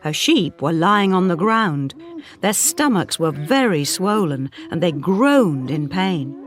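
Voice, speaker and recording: Slow, lively woman narrating a graded reader. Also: lowish voice. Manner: slow, clear and expressive. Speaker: audiobook narrator.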